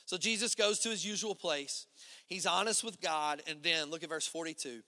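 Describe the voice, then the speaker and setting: High bright-voiced male pastor preaching. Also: moderate pace, in a large hall. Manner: conversational preaching, swinging between loud emphatic and hushed low delivery. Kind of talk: sermon.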